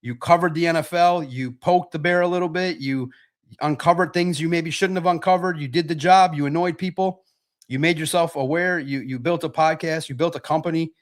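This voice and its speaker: Middle-aged man, sports stream host, a bit higher-pitched, rambling and thinking aloud. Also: fairly even intonation, a little fast. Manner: rambling, repeats himself, thinks out loud. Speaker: sports podcast host reading chat questions. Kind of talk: casual livestream chat.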